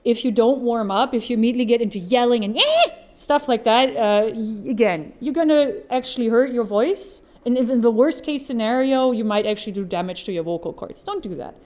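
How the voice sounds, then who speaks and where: A woman's voice: on the high side, a little fast, hardly any pauses, warm tone. A woman voice actor giving an informal how-to talk at a convention panel, chatty and upbeat with jokey asides.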